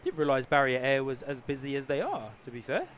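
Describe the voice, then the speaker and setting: With a sing-song, medium-pitched voice and a slightly fast pace, a New Zealand man chats and greets viewers on his casual plane-spotting stream. He's outdoors near an airport, and a little hiss or hum can be heard.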